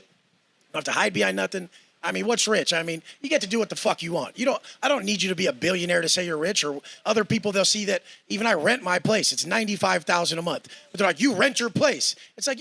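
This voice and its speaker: A man's voice: high voice, vocal fry, sharp tone, slightly rough, no room sound. A man ranting in a cocky, profane way, mocking others in put-on voices. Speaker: guest in a clip being reacted to. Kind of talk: brash boastful rant.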